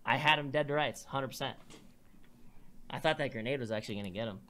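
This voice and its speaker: A man's voice: medium pitch, quick pace, sharp tone. A man in a streamed game clip, frustrated and explaining how he lost a fight. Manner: frustrated, explaining his loss.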